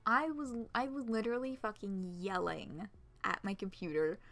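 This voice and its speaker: A woman streamer reading a visual novel aloud, expressive, laughing often and swearing casually. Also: mid-range voice, moderate pace, vocal fry, faint music behind.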